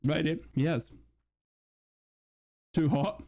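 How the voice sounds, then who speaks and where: A young man hosting a live football watch-along, chatting casually and reading out viewer shout-outs. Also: a little high, steady tone, slow, vocal fry. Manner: chatty, reads out chat messages and shout-outs. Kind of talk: casual live-stream chat and mock commentary.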